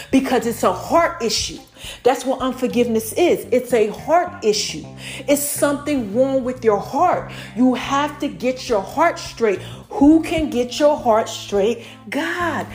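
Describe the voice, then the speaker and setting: A woman hosting a podcast, preaching on scripture in a casual, animated way and often checking in with her listeners. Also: on the high side. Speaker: podcast host.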